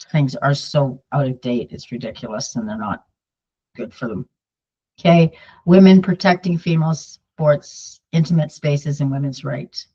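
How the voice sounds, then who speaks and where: An older Canadian woman, a political vlogger, chats casually to camera with her viewers, wandering onto side points and repeating herself. Her voice is deep and dark with a breathy edge, and the sound is dull lo-fi.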